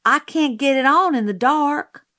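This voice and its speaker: A woman's voice: sits high, a little slow, fairly bright tone, pitched above the performer's own voice. A woman reading aloud, voicing a frightened barefoot young girl in plainspoken child talk. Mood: worried.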